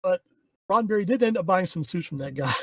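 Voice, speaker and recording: Anecdotal male podcast co-host; high, breathy voice, dry recording. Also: dry recording. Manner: storytelling, anecdotal. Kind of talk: casual commentary with trivia anecdotes.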